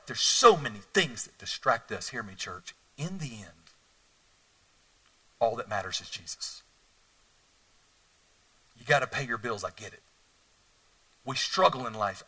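A middle-aged man preaching a sermon as a pastor, telling stories animatedly and swinging between hushed and loud delivery. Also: mid-range voice, distant mic.

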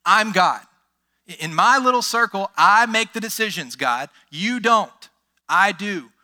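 A preacher acting out a proud man who boasts to God in a loud, cocky, dismissive tone. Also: high voice, lively intonation, unhurried, full character voice. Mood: boastful.

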